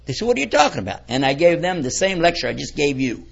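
A man's voice: on the high side, big pitch swings, fast, vocal fry, slightly rough. A man giving a conversational religious lecture, a folksy preacher who keeps quizzing his audience. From United States. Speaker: Islamic preacher. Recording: dull lo-fi recording.

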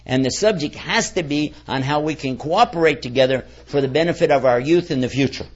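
A man's voice: on the high side, fairly quick. Folksy man preaching, lo-fi recording. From United States. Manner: folksy, keeps quizzing the audience. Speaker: Islamic preacher. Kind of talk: conversational lecture to an audience. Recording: dull lo-fi recording.

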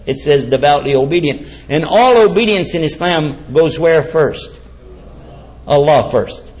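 A man preaching to a live audience, animated and quizzing them with questions and jokes. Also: on the high side, breathy edge. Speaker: Islamic preacher. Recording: dull lo-fi sound.

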